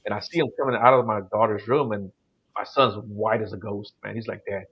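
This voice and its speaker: A man's voice: fairly low pitch, steady tone, fairly quick, slightly rough, muffled recording. A middle-aged man telling his paranormal experiences in a casual, rambling way, full of "you know" and "like". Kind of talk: casual storytelling on a call-in show.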